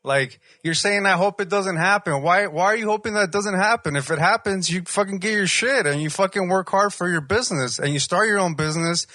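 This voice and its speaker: A man's voice: sits high, fairly quick, hardly any pauses, sharp tone, dry recording, studio quality. A man co-hosting a podcast in casual chat, pushy and argumentative, swearing freely. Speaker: podcast co-host.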